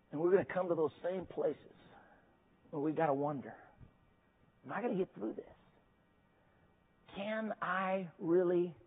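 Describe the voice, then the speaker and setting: A man preaching a chapel sermon in a folksy, self-deprecating way, with lots of hesitant fillers. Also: high voice. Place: seminary chapel. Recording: tinny phone-like band.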